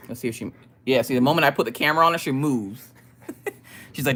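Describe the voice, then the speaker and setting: Low, lively woman streamer. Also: brisk. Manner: animated, profane storytelling with frequent laughter. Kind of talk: casual live-stream chat.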